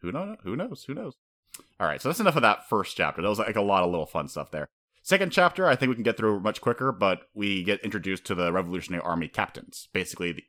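A man co-hosting a casual chat, excitable and swearing freely, sometimes acting out characters. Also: sits low. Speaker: podcast co-host.

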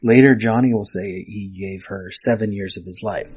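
A man's voice: fairly low pitch, fairly even intonation, normal speed, darkish tone, breathy edge, soft background music. A man hosting a podcast, wryly reading out and picking at details of a film script. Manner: wry, reads out script details. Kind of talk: casual discussion of a film script.

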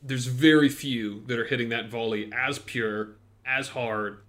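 A man's voice: mid-range voice, steady tone, measured pace, a bit bright. A man co-hosting a casual football podcast, talking bluntly and jokily with lots of restarts and fillers. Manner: blunt, rambling, jokey, full of fillers and restarts. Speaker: podcast co-host.

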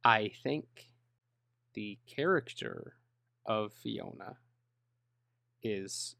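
A man's voice: lowish voice, lively intonation, drawn-out words, gravelly, pushed and bright, dry recording, studio quality. A man in a casual movie discussion, earnest and opinionated, talking in long stretches.

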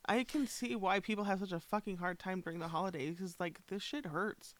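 A woman's voice: medium pitch, a little fast, no echo. A woman responding with sympathy in casual conversation, frank and swearing casually as she shares her own hurt. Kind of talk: supportive conversation.

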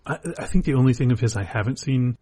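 A man hosting a podcast, chatting casually about movies with relaxed, stammering restarts. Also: medium pitch, fast talker, slightly rough. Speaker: podcast host. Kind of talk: casual chat.

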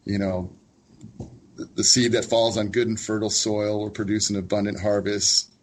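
A man, a college professor, speaking as a guest in a casual interview in a thoughtful, gently amused way. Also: lowish voice, little pitch movement, moderate pace, a little hiss or hum.

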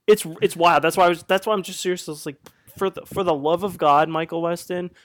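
A man co-hosting a podcast in casual chat, excitable and swearing constantly. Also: high voice, brisk, no room sound. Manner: excitable, swears a lot, animated reactions. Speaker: podcast co-host.

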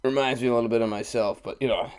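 A man's voice: mid-range voice, steady tone, racing, darkish tone, clear, resonant tone. A man bantering in casual chat, throwing in sarcastic jokes. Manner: joking, sarcastic quips.

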